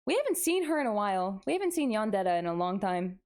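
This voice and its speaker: A woman's voice: mid-range voice, big pitch swings, fast, darkish tone. A young woman streaming live, chatting playfully with her viewers, tired and giddy late at night and poking fun at herself. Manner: playful, self-mocking, reads chat aloud and answers it. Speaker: VTuber streamer.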